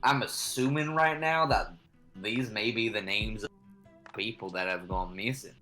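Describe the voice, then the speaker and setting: Tabletop player, very slow, halting, bright and tense tone, faint music behind. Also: medium pitch. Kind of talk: tabletop game play.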